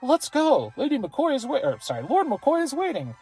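A player voicing an eager palace guard from a fantasy game, reading the lines high and excitedly. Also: moderate pace, soft background music, exaggerated voice.

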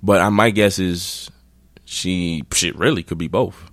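A man's voice: low voice, a little slow, fairly bright tone, no echo. A man hosting his own podcast, telling a rambling, profane anecdote in a blunt, casual way. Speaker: podcast host. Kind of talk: casual storytelling.

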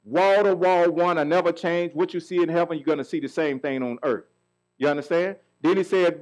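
Poor audio captures a middle-aged pastor whose slightly mellow voice sits on the high side and moves fairly quickly. Preaching his sermon, he asks the congregation questions and waits for them to call back answers.

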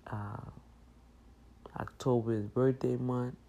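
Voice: medium pitch, fairly even intonation, slow pace, vocal fry, warm tone, lo-fi sound. A middle-aged host talking in a casual monologue, emphatic and preachy, repeating key phrases.

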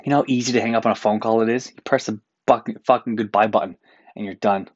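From an apartment room, a podcast host from Newfoundland, Canada, rants alone, profane and exasperated. His fairly low voice holds a steady tone at a fast pace, in a dry recording with the highs cut off.

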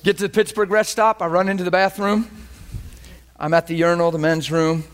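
Man, preacher, storytelling sermon, animated, fairly high voice. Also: brisk. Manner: animated storytelling, voice jumps high into quoted cries; laughs through his own story.

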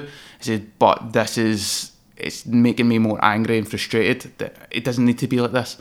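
A Scottish designer guesting on a podcast speaks in a lowish voice at a moderate pace, barely pausing. In casual interview storytelling, he shares personal tales candidly, swears freely, and grows animated reliving the moments.

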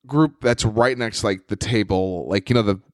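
A man's voice: lowish voice, moderate pace, no room sound, studio quality. A young man telling a rambling, profane story in casual chat as a podcast co-host. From New York.

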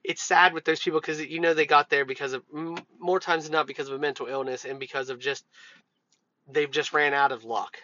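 On his podcast, this man swaps work stories in a relaxed, foul-mouthed, filler-heavy monologue. His voice is a little high, steady, a little fast and sharp. The recording is dull and lo-fi, with a touch of hiss or hum.

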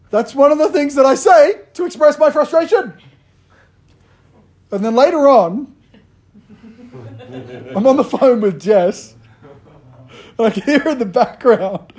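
A pastor giving a sermon in a relaxed, humorous storytelling way, often joking with the congregation. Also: male voice, very high-pitched.

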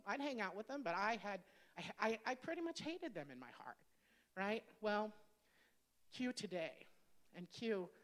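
A woman in her fifties, a pastor, telling her personal testimony in a candid, conversational sermon that speaks straight to the congregation. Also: mid-range voice. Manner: candid, conversational, addresses audience directly.

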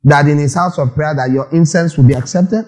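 A man's voice: fairly high pitch, brisk, low-quality recording. Preaching man. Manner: lively preaching with questions and acted-out quotes. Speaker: pastor. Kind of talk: sermon.

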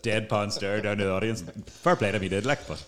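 A man's voice: on the low side, steady tone, fast, background noise. A young man with a Northern Irish accent, a podcast guest trading dry, mocking banter in casual chat.

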